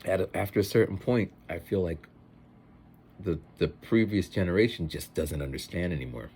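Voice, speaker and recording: A man who teaches, chatting in a rambling, animated way in a casual vlog. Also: low-pitched, moderate pace, a little hiss or hum.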